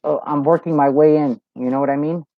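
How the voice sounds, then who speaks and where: This man runs a live Q&A as casual livestream chat, reading out viewer comments and swearing his way through stories peppered with "you know." He speaks fairly quickly in a fairly high, steady voice. The recording is dull, dry and lo-fi, with background noise.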